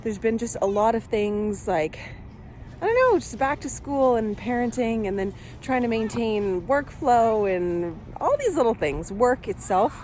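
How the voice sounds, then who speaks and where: A woman's voice: fairly high pitch, unhurried, darkish tone, slight background noise. A woman in her thirties, a mother, talking candidly to camera in a casual family vlog, with many filler words. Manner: candid, chatty, lots of "like" fillers. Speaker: vlogger and mother.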